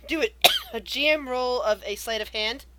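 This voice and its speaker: A woman's voice: high voice, wildly swooping pitch, unhurried, heavy background noise. A woman narrating a tabletop game as game master, describing scenes in an eerie storytelling way.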